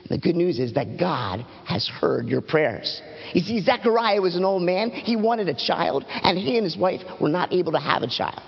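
A man telling a Bible story to children from a church platform in a dramatic, animated storytelling voice. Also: moderate pace, gravelly, breathy edge, long reverb tail, highs cut off. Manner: dramatic, animated storytelling with big pitch swings. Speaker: children's pastor.

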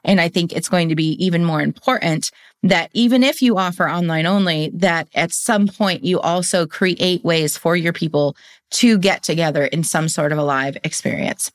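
A woman's voice: lowish voice, moderate pace, no echo, clean studio sound. A middle-aged woman hosting a business podcast, speaking earnestly and encouragingly about community and faith. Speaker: podcast host. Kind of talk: podcast monologue and outro.

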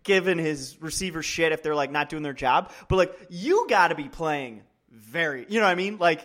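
Dude cohosting a sports podcast, kinda high voice, rambly and casual. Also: male voice, animated, normal speed, fairly bright tone. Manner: loose, filler-heavy, lots of "like". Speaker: podcast co-host.

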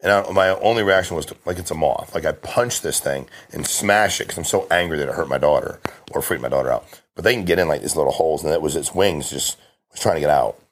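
A middle-aged man talking casually on a podcast as a guest, telling stories with emphasis and lots of restarts. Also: extremely low pitch. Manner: fast, emphatic storytelling with frequent restarts. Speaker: guest, insurance sales agent.

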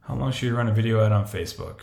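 A man's voice: lowish voice, very fast, gravelly. A man hosting a podcast, giving casual marketing advice and acting out imagined clients in voices. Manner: animated, chatty, acts out imagined clients in voices. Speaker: podcast host. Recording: echoey room.

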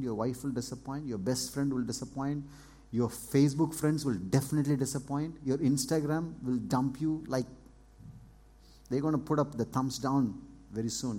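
A man preaching a sermon as a pastor, earnest and repetitive, moving between hushed and raised passages. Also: mid-range voice, breathy edge. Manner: earnest preaching, repeats phrases, swings between soft and loud.

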